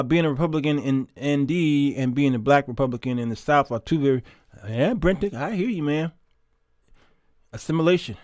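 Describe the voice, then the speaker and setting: A man's voice: on the high side, no room sound, studio quality. A man hosting a Christian talk show, reading viewer comments and talking in an emphatic, conversational way, often repeating words.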